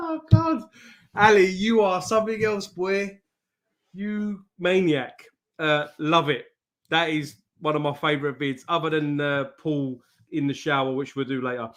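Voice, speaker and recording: A man's voice: a little high, a little slow. A man hosting a live stream, chatting casually, greeting viewers by name, swearing freely and laughing often. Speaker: host of a live trading stream.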